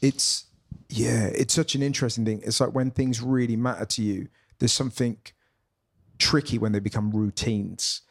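Guy w a regular mid voice, musing out loud, kinda trailing off, pub chat. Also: mid-range voice, fairly even intonation, normal speed, gravelly, slightly rough. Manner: reflective, loose, chatty, trailing phrases. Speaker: comedian guest. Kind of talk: casual chat.

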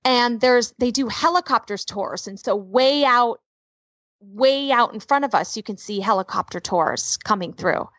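A woman telling a personal story in casual chat, vivid and animated, with frequent swearing. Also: fairly high pitch, measured pace, dry recording, muffled recording. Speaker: podcast co-host telling a story.

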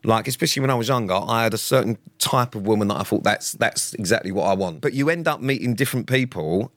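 A man's voice: on the low side, fast talker, fairly bright tone, dry recording. Dry-humoured man co-hosting. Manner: dry, self-mocking teasing. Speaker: podcast co-host. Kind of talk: casual banter.

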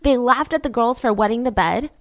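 A young woman recounts a true-crime story in a casual, chatty way, with wry, sarcastic asides along the way. Her voice sits fairly high for a woman. The recording is close and dry, with no room sound. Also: a little fast, no room sound.

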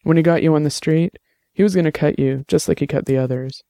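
A patient young man talks his partner through her fear, steady and reassuring with a light joking touch, as a man acts him out. His voice is a bit high yet mellow and gravelly, recorded close and dry. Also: quick pace, no echo. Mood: tender, reassuring.

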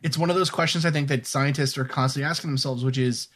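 A man's voice: medium pitch, steady tone, fast talker, a bit bright. A man hosting a podcast, chatting casually and rambling, then reading an upbeat sign-off. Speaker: podcast host. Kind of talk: casual chat.

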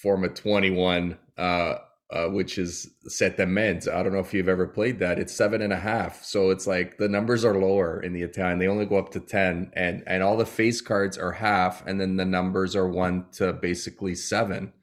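Lively, chatty man telling stories. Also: sits low, moderate pace. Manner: animated storytelling, laughing often. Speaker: comedian guest. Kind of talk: casual chat.

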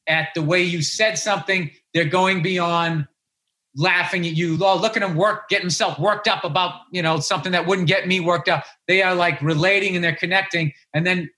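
A man's voice: sits high, bright, forceful tone. A middle-aged man, a guest comedian on a casual podcast, ranting and telling stories in a worked-up way.

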